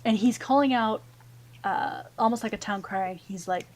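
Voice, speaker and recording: A woman narrating a tabletop fantasy game as game master, relaxed with many fillers. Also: medium pitch, normal speed, low-quality recording.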